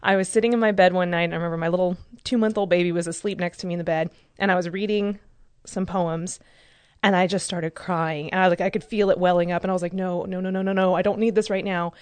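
A woman's voice: on the low side, fairly even intonation, quick pace, clear, resonant tone, no room sound. A woman in her thirties telling a personal story in a casual group discussion, candid and emotional. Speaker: discussion participant.

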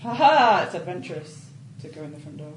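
A woman playing a tabletop game, playful and quick to laugh. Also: sits low, flat delivery. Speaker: player. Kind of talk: casual chat at a game table. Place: room with a group around a table. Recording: echoey room with clear background noise.

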